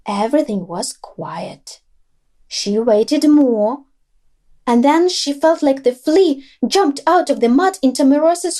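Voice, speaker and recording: A woman reads a children's bedtime story in a gentle, high voice. She takes her time, letting each sentence unfold slowly. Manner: gentle and unhurried.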